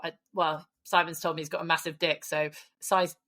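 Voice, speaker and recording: A woman's voice: deep voice, flat delivery, fairly bright tone. A woman co-hosting a podcast in cheeky, sweary casual chat. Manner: cheeky, sweary, quick to laugh. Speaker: podcast co-host.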